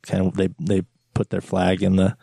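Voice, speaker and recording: A low-pitched American man with a gravelly edge chats as a podcast guest. He talks in halting bursts, full of fillers and restarts. His voice sounds dry and close to the mic. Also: completely flat delivery, dark tone, no echo. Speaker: guest beer writer. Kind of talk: casual podcast chat.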